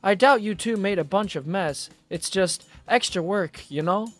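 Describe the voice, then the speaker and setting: A man's voice: high-pitched, unhurried, pitched above the performer's own voice. A man voicing a cheery middle-aged mother leaving a voicemail, bubbly and gushing in a put-on accent.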